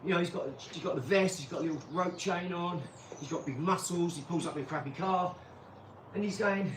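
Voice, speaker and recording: A channel host with a high voice rambles through a casual vlog monologue, talking fairly quickly. He's blunt, and he swears and then apologizes. The room echoes, he's far from the mic, and background noise is clearly audible.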